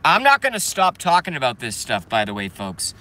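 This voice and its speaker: Man, live stream rant, bright forceful voice, lively pitch swings. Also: brisk. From Boston, Massachusetts. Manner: profane and heated, swinging between loud outbursts and muttering.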